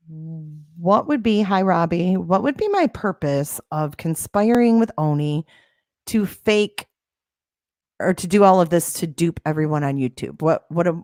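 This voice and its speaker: A woman's voice: fairly low pitch, a little mellow, no echo, studio quality. A woman hosting a casual livestream, answering viewer comments in a sarcastic, defensive way. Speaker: livestream host.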